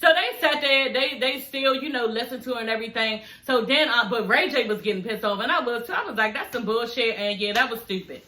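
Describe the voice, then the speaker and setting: A woman's voice: fairly high pitch, a little fast, few pauses, bright, forceful tone. A woman YouTuber recapping a reality show in a sassy, blunt, profane chat, laughing often. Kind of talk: casual chat. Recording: echoey room.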